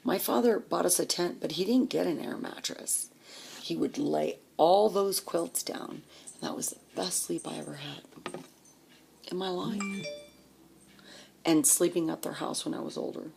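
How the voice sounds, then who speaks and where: Low, gravelly woman telling her life story. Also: a little slow, a little hiss or hum. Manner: animated, reminiscing, acts out voices. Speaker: storyteller recalling her childhood. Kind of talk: personal storytelling.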